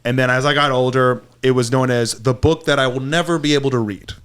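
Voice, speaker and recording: A man's voice: mid-range voice, fairly even intonation, brisk, fairly bright tone, smooth. A man chatting as a podcast guest, telling stories in a rambling way full of fillers. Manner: rambling, filler-heavy storytelling. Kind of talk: casual podcast chat.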